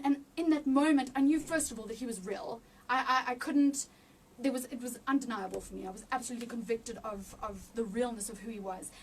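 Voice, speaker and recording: A woman giving an emotional personal testimony in an interview, halting with many restarts and near tears. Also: high voice, distant mic. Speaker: interview guest.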